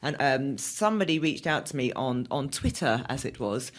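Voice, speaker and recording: A middle-aged woman as an interview guest, telling stories in a casual, animated way and laughing often. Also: very deep voice, moderate pace.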